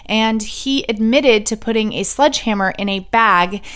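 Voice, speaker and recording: A woman's voice: on the high side, normal speed, a bit bright, clear, resonant tone. A woman hosting a true crime podcast, telling the story with sarcastic asides and the odd whispered joke. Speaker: podcast host.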